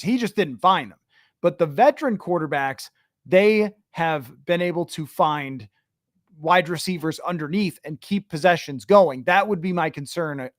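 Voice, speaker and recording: Male sports podcast host, fairly high voice, chatty and thinking aloud, dry recording. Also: no room sound. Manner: conversational, thinks aloud with restarts. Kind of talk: casual sports talk reading listener questions.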